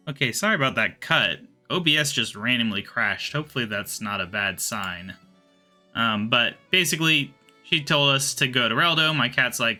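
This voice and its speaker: A man giving relaxed, rambling commentary while playing a game, often muttering to himself. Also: medium pitch, moderate pace, soft background music. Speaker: gaming video host. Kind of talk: casual gameplay commentary.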